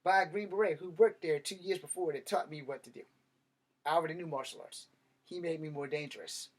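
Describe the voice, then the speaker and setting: A man with a slightly higher voice recounting a story from his past. He talks bluntly and swears freely, with animated emphasis. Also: a little fast. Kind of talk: casual storytelling monologue.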